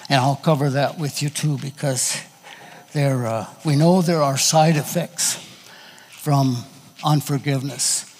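A man preaching a sermon in a folksy, halting, conversational way, telling personal stories to his congregation. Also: mid-range voice, fairly even intonation, darkish tone, long reverb tail.

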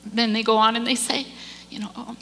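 A woman giving a church message, telling a story with animated delivery and acting out the people in it. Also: a little high, brisk, big-room sound. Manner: animated storyteller, acts out quoted voices, repeats words. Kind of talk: sermon storytelling.

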